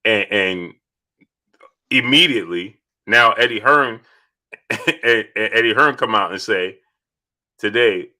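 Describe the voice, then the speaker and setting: Male live-stream host, bright forceful tone, repetitive, shouts out viewers by name. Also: on the low side, slow pace, pauses often. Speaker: host of a boxing talk stream.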